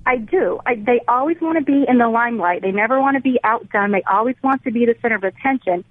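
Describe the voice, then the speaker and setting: A woman's voice: a little high, expressive, fast talker, dry recording. A woman calling in to a radio talk show, hesitant at first and earnest in her views. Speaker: caller. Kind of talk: call-in radio conversation. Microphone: telephone. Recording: tinny phone line.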